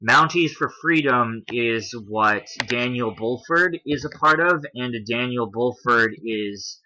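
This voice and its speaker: A man's voice: medium pitch, slow pace, pushed and bright, slight background noise, low-quality recording. A man hosting his own channel, talking casually through a screen-shared chart and thinking aloud as he goes. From Canada. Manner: conversational, thinking aloud while browsing a chart. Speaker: political commentary channel host. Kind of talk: screen-share explainer commentary.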